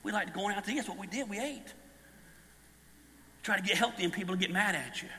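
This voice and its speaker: A fifty-something man preaches with lively, storytelling energy, breaking into shouts as he builds. His voice sits high and very bright. It rings out with a long hall reverb. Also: fairly quick. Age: 50s. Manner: animated storytelling, bursts into shouts. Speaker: pastor. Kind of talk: sermon.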